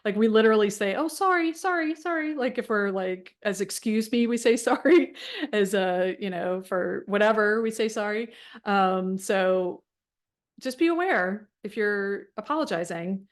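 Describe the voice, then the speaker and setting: A woman's voice: mid-range voice, measured pace. A middle-aged woman leading a wellness support group, talking casually and frankly with many fillers and restarts. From United States.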